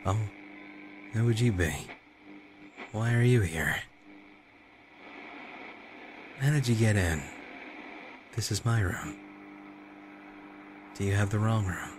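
A man's voice: fairly low pitch, a little slow, pauses often, background noise, close to an everyday voice. A man voicing a frail, confused old mother who frets over her son. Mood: frightened.

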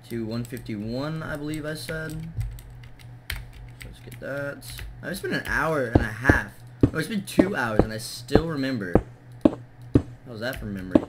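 A young man talks through a building game in a casual, distracted way, laughing at himself and counting blocks under his breath. His voice sits at an ordinary middle pitch. Heavy background noise and clicking keys run under the whole recording. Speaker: gaming channel host.

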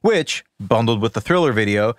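A man's voice: fairly low pitch, expressive, normal speed, no echo, clean studio sound. A man co-hosting a podcast, reading out notes in a wry, conversational way. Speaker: podcast co-host. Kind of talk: casual chat, reading notes.

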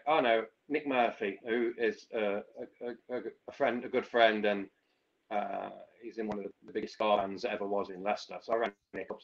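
A man's voice: lowish voice, fairly even intonation, fairly quick, highs cut off. A man, a musician guest, telling a long story casually with many restarts and fillers.

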